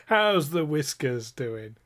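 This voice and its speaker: Male game master host: fairly high voice, slow, jokey, laughs a lot. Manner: jokey, laughs often, teasing players. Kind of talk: hosting a live tabletop game stream.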